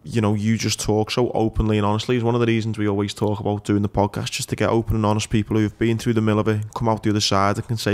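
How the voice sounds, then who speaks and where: Man, podcast host, low, monotone, earnest, chatty. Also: very fast, hardly any pauses. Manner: earnest, chatty, says "mate" often. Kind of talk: casual podcast interview.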